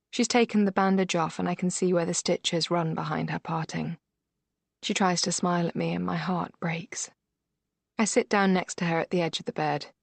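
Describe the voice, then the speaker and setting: A woman narrating a first-person thriller audiobook in a measured, steady way. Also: lowish voice, gravelly, no room sound.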